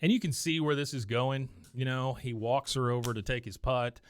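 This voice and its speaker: A man's voice: mid-range voice, fairly even intonation. A man hosting a podcast, casually retelling cartoon scenes and acting out the characters' lines. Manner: acts out characters' lines in quick voices. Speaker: podcast host recapping episodes.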